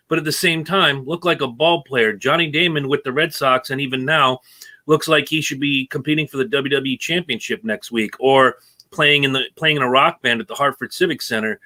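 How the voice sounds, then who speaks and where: Bright-voiced man ranting about racing. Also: on the high side. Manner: opinionated, animated ranting. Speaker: co-host. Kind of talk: casual sports talk.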